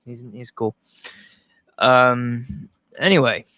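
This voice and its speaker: A man from Long Island talks loosely on a livestream, swearing freely and tripping over his own restarts. His voice is bright and forward, at a middle pitch. The sound is dry and close. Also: slow, no echo. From Long Island, New York. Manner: rambling, profane, frequent restarts. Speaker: streamer reacting to a news clip. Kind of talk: casual livestream commentary.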